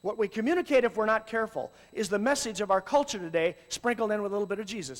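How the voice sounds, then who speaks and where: A man preaching to youth workers in an animated way, swinging from loud exclamations to low asides. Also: fast, few pauses, big-room sound. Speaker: youth ministry speaker. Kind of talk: sermon.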